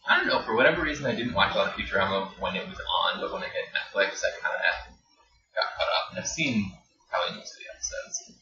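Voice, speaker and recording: A man appearing as a podcast guest, relaxed and chuckling, with many filler words. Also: fairly low pitch, fast talker. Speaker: podcast guest, design business owner. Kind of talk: casual podcast chat. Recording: distant, roomy, dull, noisy podcast mic.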